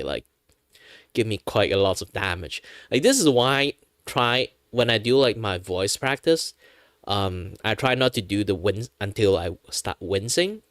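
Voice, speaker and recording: A man's voice: on the low side, a bit bright, no room sound. A young man chatting casually on a stream in a rambling way, with a dry throat. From Malaysia. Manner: rambling, with many fillers and restarts. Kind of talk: casual chat.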